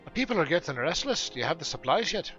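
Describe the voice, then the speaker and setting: A man voicing a busy, gruff male dwarf quartermaster from a game, in a put-on dwarf brogue. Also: fairly high pitch, sing-song, fast talker, bright, forceful tone, lo-fi sound, soft background music, voice pushed up.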